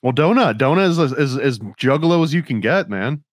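A man hosting a casual podcast chat, relaxed and laughing often, with lots of fillers. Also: medium pitch, a little fast, dry recording, clean studio sound. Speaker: podcast host.

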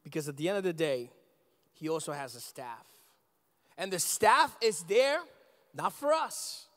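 A man in his thirties preaching a sermon as pastor, animated and conversational, often asking the congregation questions. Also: fairly high pitch, a little slow. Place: church sanctuary. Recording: long church reverb.

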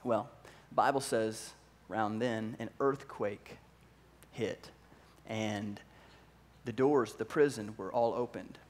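This pastor's voice is male, lowish, and slow-paced. He preaches his sermon with animation, putting on voices and questioning his listeners.

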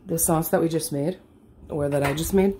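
A woman's voice: deep voice, moderate pace, dark tone, slight background noise. A woman from California filming a casual home cooking vlog in her kitchen, rambling, self-mocking and swearing constantly, a little wheezy. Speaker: home cook vlogger.

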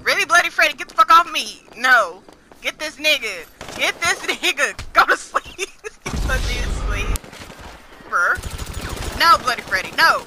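A woman's voice: high-pitched, expressive, unhurried, background noise. A young woman doing casual live-stream commentary, trash-talking and laughing as she plays. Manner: loud, playful trash talk with bursts of laughter. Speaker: gaming streamer. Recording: gameplay music underneath. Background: game gunfire and music.

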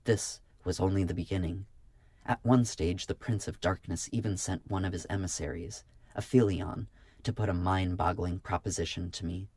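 A man voicing a young male healer and warrior monk in an audiobook, speaking in a solemn, measured way. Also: deep voice, fairly even intonation, darkish tone, no room sound.

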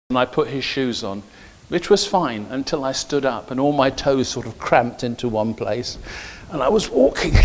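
A man's voice: mid-range voice, slight background noise. A middle-aged man preaching a sermon in a church, mixing personal stories with emphatic, rising exhortation. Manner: storytelling, grows emphatic and preachy. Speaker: pastor.

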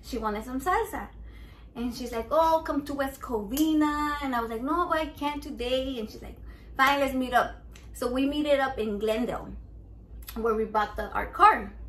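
A woman's voice: high-pitched, normal speed, fairly bright tone. A young woman, chatting casually in a rambling, profane vlog, dropping into Spanish. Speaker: cooking vlogger. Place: home kitchen. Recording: echoey room, faint background noise.

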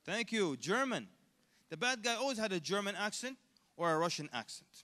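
A man giving a conversational, animated lecture at a convention, asking the audience questions as he goes. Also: high voice, fairly quick. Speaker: Islamic lecturer. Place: large convention hall. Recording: echoey hall.

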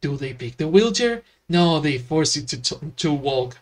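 Man, gameplay commentary, sarcastic rants, frequent swearing, fairly high voice. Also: animated, measured pace. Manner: profane, sarcastic ranting. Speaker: let's play commentator.

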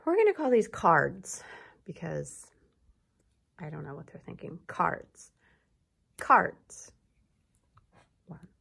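A woman teacher giving a slow, encouraging recorded lesson to young children, prompting them to repeat words. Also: sits low, huge pitch swings, vocal fry, breathy edge.

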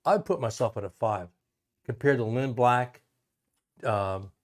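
Modest measured male guest. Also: mid-range voice. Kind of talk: casual chat.

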